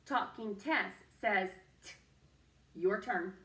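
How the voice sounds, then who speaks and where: A woman teaches a phonics lesson to young children, patient and sing-song, coaxing them to repeat after her. Her voice is a little high and a bit bright, with lively intonation and a slightly slow pace. The mic is distant and the room reverberant.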